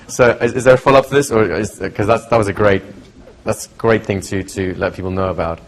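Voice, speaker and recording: A man teaching a live hypnosis workshop, telling stories with lively acted-out quotes. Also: on the low side, a little fast, slight background noise. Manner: lively storytelling, acts out quotes. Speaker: hypnosis trainer. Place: training seminar room.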